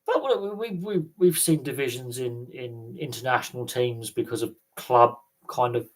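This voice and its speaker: A man chatting casually as host of a live Q&A stream. He rambles from point to point, thinking out loud with plenty of ums and restarted phrases. His voice sits at an ordinary middle pitch for a man. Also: normal speed, low-quality recording. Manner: rambling, thinks aloud with many fillers and restarts. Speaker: sports livestream host.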